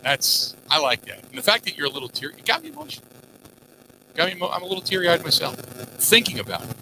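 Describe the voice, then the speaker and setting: A man hosting sports talk radio, animated, rambling through listener messages and asides. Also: sits high, quick pace, noisy background. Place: outdoors at a golf course.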